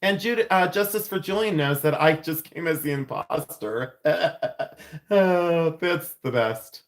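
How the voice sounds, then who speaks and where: Slow and slightly high-voiced, a man hosts a livestream from his jewelry studio. The silversmith chats casually and effusively with his viewers, laughing a lot and thanking them.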